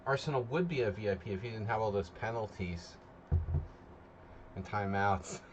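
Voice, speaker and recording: Still a bit groggy after a nap, a man with a lowish voice talks at normal speed to his chat as he sets up a live chess simul stream. He's loose, chatty and rambling, with slight background noise behind him.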